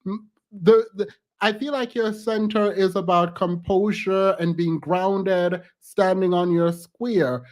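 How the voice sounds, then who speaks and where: An outspoken woman commenting casually on a clip she is watching. Her voice sits at a middle pitch, and she breaks into laughter often between her remarks. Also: slow, darkish tone. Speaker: reaction commentator.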